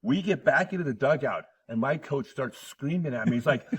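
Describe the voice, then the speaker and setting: Husky man, laughing often. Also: on the high side, normal speed, recorded from a distance. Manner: laughs often while telling stories. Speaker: podcast host. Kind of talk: casual conversation.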